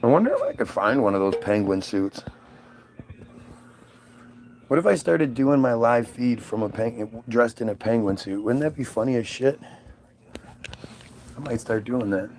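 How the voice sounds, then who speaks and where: A man's voice: medium pitch, expressive, moderate pace, pauses often, a little mellow, a little hiss or hum. A man hosting his own livestream, musing aloud in a casual, rambling and sarcastic way from home. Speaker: livestream host.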